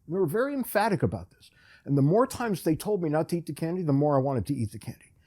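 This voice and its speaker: A man's voice: a little high, sing-song, fast talker, darkish tone. A man hosting a podcast, telling a rambling, self-deprecating story in a casual, wry way. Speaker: podcast host.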